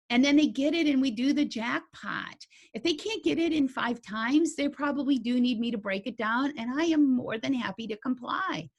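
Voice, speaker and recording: A woman teaching a dog agility study group in a folksy, animated, conversational way. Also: on the high side. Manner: folksy and animated, with homey grammar.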